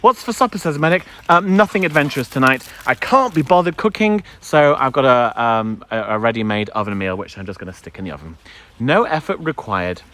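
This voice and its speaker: A man's voice: mid-range voice, lively intonation, fairly quick, a bit bright. A man live-streaming outdoors in a wooded park on his phone, chatting to viewers and his dog. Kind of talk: casual live-stream chat.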